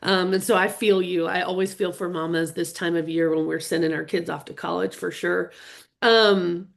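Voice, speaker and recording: A woman's voice: fairly low pitch, steady tone, normal speed, vocal fry. Earnest middle-aged woman hosting a webinar. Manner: earnest and openly emotional, chatting with viewers. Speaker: real estate business coach hosting a webinar. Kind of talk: live webinar presentation.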